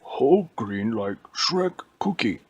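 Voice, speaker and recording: A man voicing a simple-minded green brute who talks loudly in broken words. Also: medium pitch, very animated, slow, husky, highs cut off, full character voice. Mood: gruff. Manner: loud, broken caveman grammar.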